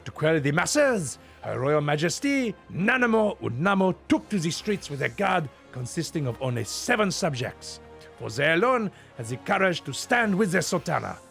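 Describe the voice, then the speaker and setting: A man's voice: a little high, sing-song, moderate pace, gravelly, a bit bright, faint music behind, exaggerated voice. Man doing a pompous French curator. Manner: theatrical, mock-refined put-on accent. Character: pompous French-style male exhibition curator.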